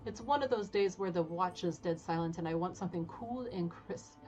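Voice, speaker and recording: A woman voicing a gruff, lonely male town guard and war veteran, reading game dialogue in a wistful way. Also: on the low side, brisk, darkish tone, close to an everyday voice. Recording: slightly dull audio with game music.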